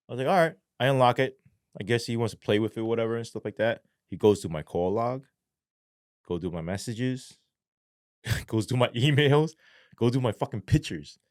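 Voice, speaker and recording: A man's voice: mid-range voice, a little fast, no echo, clean studio sound. A middle-aged man, a former police sergeant, telling his story as an interview guest, swearing often and acting out the dialogue. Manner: profane, animated, acts out quoted dialogue.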